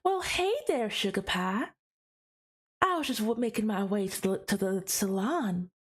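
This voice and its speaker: A woman's voice: mid-range voice, animated, measured pace, husky. A woman putting on a flirty Southern belle with a put-on American Southern accent, drawling and teasing. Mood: flirtatious. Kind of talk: improvised character voice on stream.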